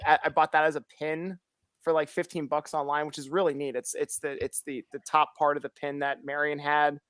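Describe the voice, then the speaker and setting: A man's voice: a little high, little pitch movement, a little fast, a bit bright, clear, resonant tone, no echo, clean studio sound. A man in casual chat who tells stories with lots of energy, acts out the voices of the people he quotes, and laughs often.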